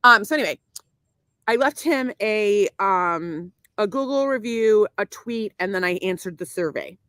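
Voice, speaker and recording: A woman's voice: medium pitch, measured pace, dry recording. A middle-aged woman co-hosting a casual podcast, telling stories with lots of animation. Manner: animated storyteller, slips into mock formal voices. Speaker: podcast co-host. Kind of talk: casual chat.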